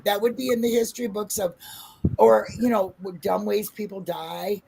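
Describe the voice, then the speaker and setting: Gravelly voice, brash joking co-host, casual interview, noisy clicky line. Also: medium pitch, normal speed. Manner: brash, joking, talks over the guest, acts out bawdy quotes. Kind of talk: casual live interview chat.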